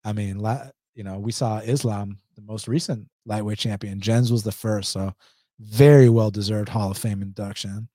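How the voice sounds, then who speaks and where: Atlanta guy on a stream, mellow dark voice, dry close mic, blunt and slangy. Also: fairly low pitch, steady tone, moderate pace, no room sound. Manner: blunt, slangy, laughs often. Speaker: MMA betting livestream host. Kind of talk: casual livestream chat reading viewer comments.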